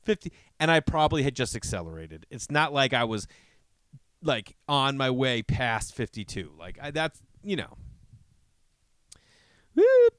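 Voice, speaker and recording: A man's voice: moderate pace, smooth, dry recording. A man hosting a podcast, telling rambling comedic stories with lots of swearing and acting out other people's lines. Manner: animated, profane, acts out quotes in a higher voice. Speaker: podcast host.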